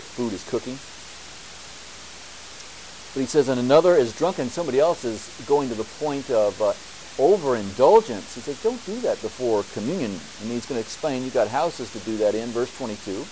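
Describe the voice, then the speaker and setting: A man preaching a church sermon, building to emphatic, repeated bursts and then dropping back to a quieter teaching tone. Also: mid-range voice, a little hiss or hum, poor audio. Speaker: pastor.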